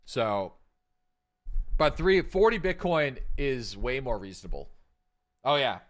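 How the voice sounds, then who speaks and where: A man's voice: mid-range voice, sing-song, slow pace. A man streaming a game live, thinking aloud in casual chat, rambling with plenty of fillers.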